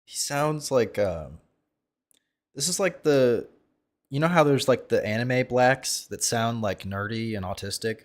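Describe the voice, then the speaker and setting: A man commenting on a video during a live stream, brash and profane, mocking the creator and breaking into sudden loud outbursts. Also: mid-range voice, lively intonation, unhurried.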